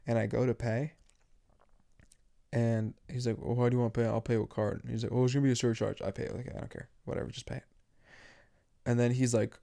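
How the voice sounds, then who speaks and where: Gravelly young man ranting on a podcast. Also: medium pitch, steady tone, a little fast, mellow. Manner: rambling, profane, lots of "like" and "dude". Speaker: podcast host. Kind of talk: casual solo podcast rant.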